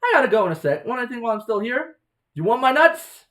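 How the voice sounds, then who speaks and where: A man's voice: very high voice, sing-song, quick pace, a bit bright, voice pushed up, heavily acted. A man voicing a polite young diner server in a voice close to his own.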